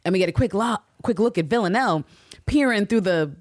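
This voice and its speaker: A woman co-hosting a podcast, casually recapping a TV episode with lots of swearing and quick impressions. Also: mid-range voice, no room sound, clean studio sound. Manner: profane, animated storytelling with quick impressions. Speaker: podcast co-host.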